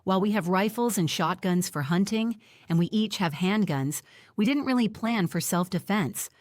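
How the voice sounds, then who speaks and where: A woman narrating a first-person audiobook in a steady, reflective way. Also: mid-range voice, moderate pace, no room sound, clean studio sound.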